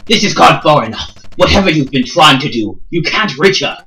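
A man's voice: a little high, expressive, fairly quick, sharp tone, recorded from a distance, voice pushed up, rough recording. A man voicing an earnest, determined male knight while reading game dialogue aloud.

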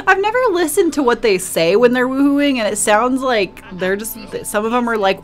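A woman's voice: fairly high pitch, animated, normal speed, music in the background. A woman casually narrating a life-simulation game, chatty and emotive, cooing at her characters. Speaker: gaming video host. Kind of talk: casual let's play commentary.

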